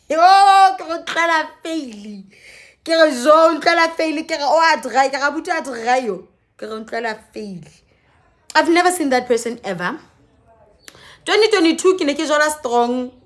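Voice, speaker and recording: A young South African woman telling a storytime vlog in an animated, dramatic way, acting out dialogue and switching languages mid-sentence. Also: a little high. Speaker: vlogger.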